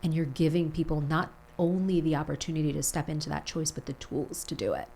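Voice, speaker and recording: A woman hosting a heartfelt podcast interview, guiding her guest through slow, soothing reflections. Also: deep voice, vocal fry, dark tone, slight background noise, poor audio. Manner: slow, soothing guided reflection with long lists. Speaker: podcast host.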